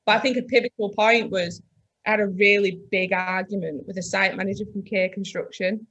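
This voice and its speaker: A woman who owns a lighting business, a podcast guest chatting frankly and telling lively stories, acting out what people said to her. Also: medium pitch, brisk, dull audio. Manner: frank, lively storytelling that acts out other people's lines. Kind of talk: casual chat.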